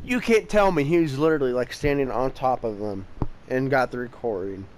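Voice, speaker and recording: A young man giving casual let's-play commentary at home, tired and yawning as he plays. His voice sits at a middle pitch, and he talks impatiently back at the game with a faint hiss behind him. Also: brisk, rough recording. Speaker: gameplay channel host.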